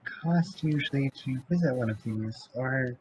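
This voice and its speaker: Low-key man playing a tabletop game, noisy mic. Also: unhurried. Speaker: player. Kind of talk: casual tabletop play. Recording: noisy mic with background noise.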